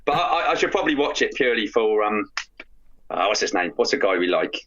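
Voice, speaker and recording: A man's voice: on the low side, sing-song, brisk, a bit bright. A man co-hosting a podcast, chatting casually and rambling with many restarts and fillers. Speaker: podcast co-host. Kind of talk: casual chat. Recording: dull lo-fi sound.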